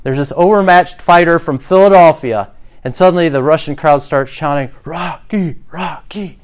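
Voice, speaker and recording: A man's voice: fairly high pitch, fairly quick, clear, resonant tone. A man preaching a sermon to his congregation, telling the scripture story with dramatic emphasis and acting out the voices he quotes. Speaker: pastor.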